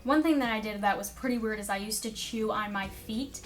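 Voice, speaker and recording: A woman's voice: mid-range voice, fairly quick, faint music behind. A young woman vlogging casually to camera, telling rambling stories full of "like" and "um". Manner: rambling, filler-heavy storytelling with frequent "like" and "um".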